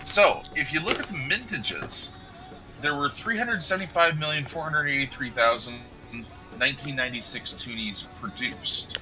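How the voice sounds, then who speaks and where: A man's voice: a little high, normal speed, music in the background, low-quality recording. A man hosting a casual livestream chat who explains figures methodically and jokes about himself. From Canada. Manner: explains numbers methodically, self-deprecating. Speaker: host.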